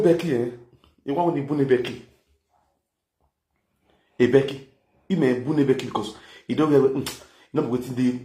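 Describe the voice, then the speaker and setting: With a medium-pitched, darkish voice, a Nigerian-accented vlogger gives angry ranting commentary full of scolding and insults. Faint background noise comes through the echoey room.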